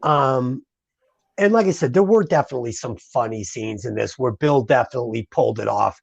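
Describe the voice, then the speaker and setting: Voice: mid-range voice, a little fast, creaky, no room sound. A podcast co-host in a casual movie review chat, swearing freely and ranting with lots of heat. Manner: profane, ranting, animated.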